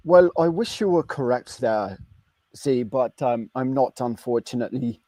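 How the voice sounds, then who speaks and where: A man's voice: mid-range voice, lively intonation, moderate pace, mellow, no echo. An Australian man calling in to a live stream show, talking in a friendly, easygoing way. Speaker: guest caller. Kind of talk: casual call-in chat.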